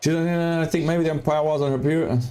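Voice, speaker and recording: Male tennis streamer, high voice, excitable and chatty. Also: a little fast. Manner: excitable, animated, talks straight to chat. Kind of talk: casual live-stream commentary.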